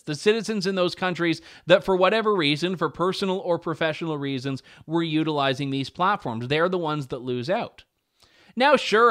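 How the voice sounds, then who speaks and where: A man's voice: fairly high pitch, fairly bright tone. A young man hosting a talk radio show, delivering opinion commentary with wry, sarcastic asides and chuckles.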